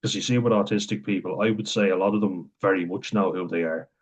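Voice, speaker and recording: Talking quickly in a deep, fairly even voice, a young vlogger from Wexford, Ireland, shares a candid, rambling monologue. He swears freely and breaks into laughter between thoughts, all captured in dull lo-fi audio.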